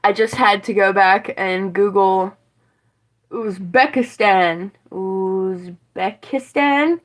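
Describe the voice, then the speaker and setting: A woman's voice: mid-range voice, level tone, a little slow, low-quality recording. Young woman with a West Virginian accent streaming from her kitchen. Rambling, profane, talks straight to chat. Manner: rambling, swears freely, chats with viewers. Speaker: livestreamer. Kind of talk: casual livestream chat. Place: home kitchen.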